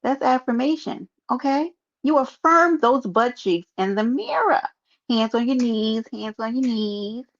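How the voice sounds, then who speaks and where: Gravelly, joking New woman streamer. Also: a little high, lively intonation, a little slow. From New York. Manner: playful, joking, talks straight to her chat. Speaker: livestreamer. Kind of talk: casual live stream chat. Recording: muffled lo-fi stream audio.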